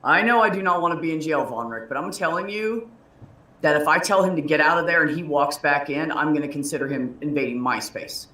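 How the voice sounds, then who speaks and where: Bright, profane woman telling a heated story. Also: low voice, a little fast, recorded from a distance. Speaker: livestream host. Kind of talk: casual chat. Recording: roomy echo.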